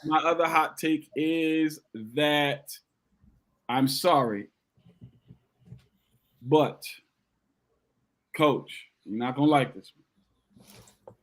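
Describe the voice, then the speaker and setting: Animated man making football picks. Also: fairly high pitch, very slow, long pauses. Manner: animated, repeats himself for emphasis. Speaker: podcast co-host. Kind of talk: casual sports chat.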